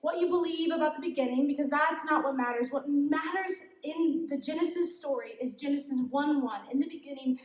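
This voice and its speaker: A woman's voice: high voice, a little fast, hardly any pauses. A young woman giving an informal youth devotional talk, giggly and self-deprecating, often laughing as she speaks. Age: young adult. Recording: echoey room.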